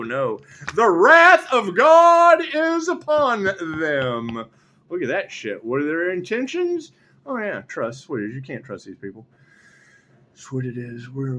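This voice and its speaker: Excitable man with lively pitch. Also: a little hiss or hum. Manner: excitable, repetitive, swings between low mutters and loud exclamations; swears casually. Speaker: tarot reader. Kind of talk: solo spiritual tarot commentary.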